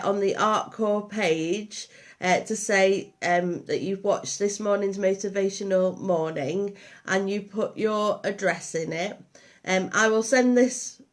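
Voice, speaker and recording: A woman with a Liverpool and Lancashire accent hosting a live craft demonstration, chatty and meandering with many ums and restarts. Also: medium pitch. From Liverpool and Lancashire, England. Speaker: craft workshop host.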